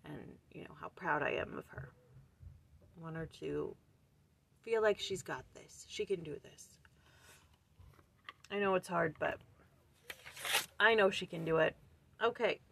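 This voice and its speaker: A woman's voice: fairly low pitch, unhurried, vocal fry, pauses often, fairly bright tone, slight background noise. A woman hosting her own casual scripture study, thinking aloud in earnest and searching for words with sighs and restarts. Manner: earnest, urging questions to the listener. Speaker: host of a daily scripture study channel.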